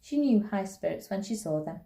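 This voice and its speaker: A woman, a primary school teacher, reading a children's novel aloud in a gentle, unhurried way. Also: medium pitch, animated, creaky. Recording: roomy echo.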